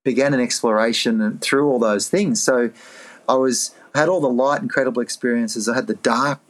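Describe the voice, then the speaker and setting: In a podcast interview, this Australian man in middle age, who works as a life coach, recounts something from his own life at a fairly quick clip. His delivery is animated and sincere, with frequent leaps into a higher register as he plays out his past thinking.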